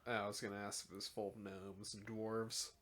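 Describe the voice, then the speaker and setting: A man's voice: on the low side, level tone, fairly quick, a bit bright. A man guesting on a casual podcast, asking curious questions and cracking jokes. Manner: curious, jokey, asks questions. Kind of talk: casual chat.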